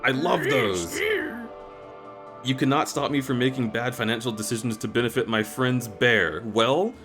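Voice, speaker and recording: A man's voice: medium pitch, brisk, fairly bright tone, soft background music. Effusive male variety streamer. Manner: effusive, thankful, rambling with restarts. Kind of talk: live-stream chat while gaming.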